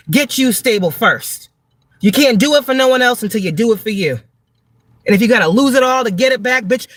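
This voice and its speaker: A woman's voice: mid-range voice, no room sound. Blunt, cussing woman tarot reader preaching to her viewers, dry close sound. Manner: emphatic, repeats words for stress. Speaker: tarot reader and spiritual advisor. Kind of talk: livestream tarot reading monologue.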